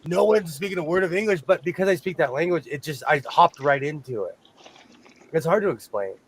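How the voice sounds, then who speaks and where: A man's voice: on the high side, brisk, slight background noise. A man chatting casually on a podcast, telling stories with lots of laughs. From American South. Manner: animated storyteller, laughs often. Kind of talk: casual chat.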